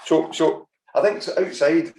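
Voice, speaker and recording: A Scottish man in his fifties, a podcast guest talking in a relaxed, conversational way over a video call. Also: fairly high pitch, a little slow, roomy sound, rough recording. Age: 50s. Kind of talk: casual video-call interview. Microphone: video call from a spare room.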